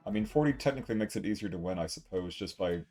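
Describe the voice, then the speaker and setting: Playful low-voiced man streaming a game. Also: lively intonation, fast talker, warm tone, soft background music. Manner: playful, self-mocking chatter to chat. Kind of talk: casual live gameplay commentary.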